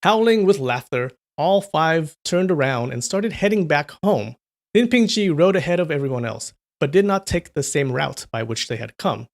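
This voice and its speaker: A man reading a novel aloud on a livestream, breaking off for relaxed chat with viewers' comments. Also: a little high, moderate pace, creaky. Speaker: livestream storyteller.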